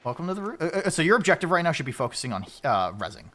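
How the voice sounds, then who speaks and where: Lively, bright-voiced male streamer. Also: fairly high pitch, racing. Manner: joking, excitable, swears. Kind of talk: casual gaming chat.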